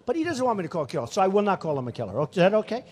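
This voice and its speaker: Older guy in his 60s doing a rambly rally speech, pretty high voice, lots of repeating, echoey big hall. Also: big pitch swings, racing, husky. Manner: rambling, repetitive, emphatic. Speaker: political candidate. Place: large venue. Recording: reverberant hall.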